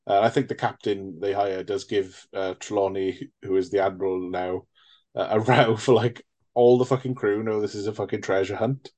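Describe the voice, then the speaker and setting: A man's voice: lowish voice, steady tone, normal speed, a little mellow. A man in a casual, rambling film chat, swearing freely and restarting sentences. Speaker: podcast co-host.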